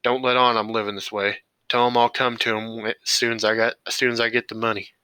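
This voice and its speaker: A lonely, resigned farmer, read by a man, talking quietly in plain country speech. The tone is bright and forward, close to the mic in a dry room, as in a storybook. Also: medium pitch, little pitch movement, a little fast, smooth, dry recording, natural voice, rough recording. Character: lonely, resigned man staying alone on the land.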